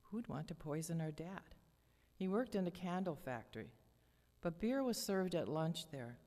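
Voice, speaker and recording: An older woman with a low, deep voice reads from her memoir at a church lectern. Her delivery is measured and dramatic, and a long church hall reverb trails each phrase. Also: expressive, mellow. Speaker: memoir reader. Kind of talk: reading a personal memoir aloud.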